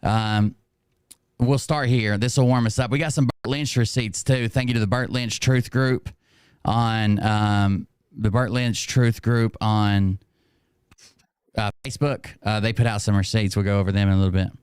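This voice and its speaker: A man's voice: fairly low pitch, steady tone, normal speed, a little mellow, clean tone, no echo, studio quality. A man hosting a casual livestream, rambling and self-mocking, laughing often. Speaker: streamer host.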